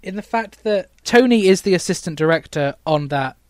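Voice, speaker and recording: A man's voice: high-pitched, animated, moderate pace, darkish tone, no room sound, clean studio sound. A young British man hosting a podcast, chatting casually, laughing often and restarting his sentences. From Britain. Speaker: podcast host. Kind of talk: casual chat.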